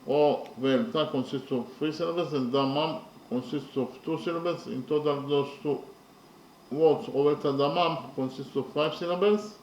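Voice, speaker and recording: A man teaching poetry in a slow, methodical lecture, counting syllables carefully and pausing often with fillers. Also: a little high, darkish tone, roomy sound, dull audio, a little hiss or hum.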